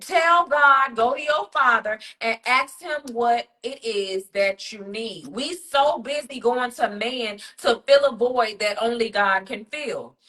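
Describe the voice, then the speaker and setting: A woman's voice: on the high side, slow pace, few pauses, sharp tone. A woman hosting a faith talk podcast, speaking in an emphatic, preacherly way with lots of repetition. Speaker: podcast host.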